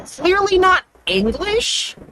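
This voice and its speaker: A woman's voice: very high voice, very animated, slow, bright, forceful tone, slight background noise. A woman with an Atlantic Canadian accent, chatting casually as a streamer while gaming, rambling and often trailing off mid-thought.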